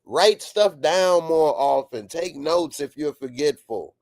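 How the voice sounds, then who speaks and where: A man giving a casual, excitable reaction to a TV episode as the channel's host, laughing often and sometimes rising to shouts. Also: on the high side, slow pace, no echo, studio quality. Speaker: TV show reviewer.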